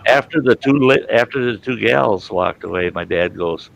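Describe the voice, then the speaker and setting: A man's voice: mid-range voice, a little slow, gravelly. A man hosting a casual chat, telling a childhood story and acting out his family's voices. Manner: animated, acts out voices of family members. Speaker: host.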